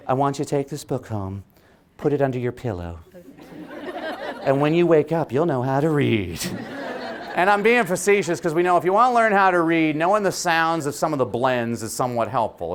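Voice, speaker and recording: A man who is a teacher, giving a joking, preacher-like keynote speech. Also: on the high side. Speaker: teacher giving a conference talk.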